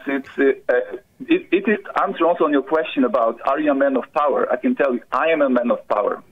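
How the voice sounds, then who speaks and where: A man from Poland with a Polish accent, calling in to a show and speaking haltingly, full of "you know". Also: fairly high pitch. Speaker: caller. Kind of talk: casual call-in chat. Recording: muffled phone call-in line.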